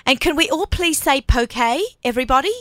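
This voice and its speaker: A woman's voice: mid-range voice, normal speed, bright, forceful tone, smooth, no room sound, studio quality. A woman hosting a casual radio interview, chatty and bubbly, laughing often. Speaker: radio host.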